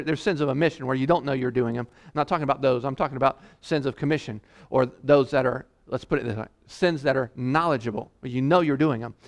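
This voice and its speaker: A man preaching a sermon in an exhorting way, restarting often and slowing down to read scripture aloud. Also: fairly high pitch. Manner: exhorting, repeats words, reads scripture slowly.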